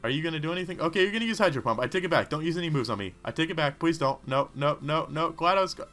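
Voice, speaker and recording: A man giving rambling, excitable gaming commentary, talking back to the characters on screen. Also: fairly high pitch, quick pace. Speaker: let's play host.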